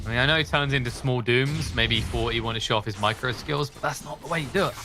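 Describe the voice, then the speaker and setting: A man casting a competitive video game match with quick play-by-play commentary, his voice climbing when the action heats up. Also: over music. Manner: excitable, rising in pitch during fights. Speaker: esports caster.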